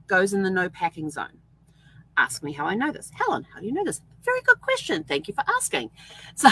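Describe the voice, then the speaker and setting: A woman's voice: medium pitch, rough recording. A middle-aged woman vlogger telling casual, chatty stories and laughing often as she goes. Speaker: vlog host. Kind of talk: casual storytelling.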